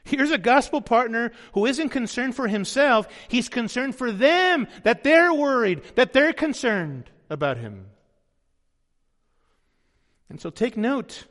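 A man's voice: very high voice, big pitch swings, slow pace, fairly bright tone. A male pastor preaching a sermon, emphatic and often asking his audience questions. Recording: long hall reverb.

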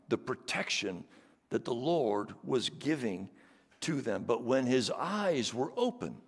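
A man's voice: medium pitch, creaky, long reverb tail. A male pastor preaching a sermon, building emphasis through repeated phrases.

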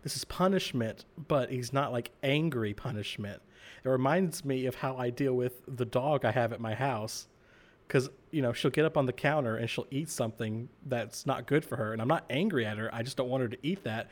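A man's voice: mid-range voice, moderate pace. A man co-hosting a podcast who talks casually, explaining ideas through relatable everyday examples. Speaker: podcast co-host. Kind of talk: casual religious podcast discussion.

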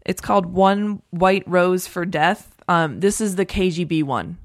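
A woman's voice: on the low side, measured pace, no echo, studio quality. A woman co-hosting a podcast in casual chat, talking in a chatty, rambling way with many fillers. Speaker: podcast co-host.

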